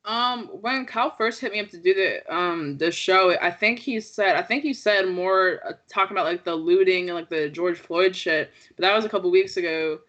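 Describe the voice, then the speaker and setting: A woman's voice: lowish voice, moderate pace, hardly any pauses, a bit bright, dull audio. A young woman as an interview guest, frank and hedging, filling her talk with "like". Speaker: guest commentator. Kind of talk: casual interview.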